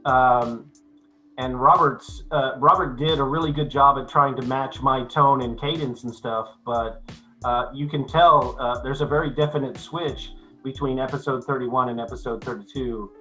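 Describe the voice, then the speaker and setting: A man's voice: medium pitch, steady tone, bright, forceful tone, faint music behind, low-quality recording. An older man, an actor, chatting as a guest in an interview, with many restarts and fillers. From United States. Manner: halting, many restarts and fillers, then clear and measured. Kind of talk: casual interview chat.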